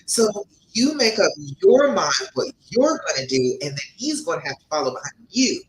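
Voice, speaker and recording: A woman's voice: on the low side, very animated, moderate pace, roomy sound, rough recording. A woman relationship coach hosting a live-stream advice session, speaking emphatically, laughing often and calling her viewers by name.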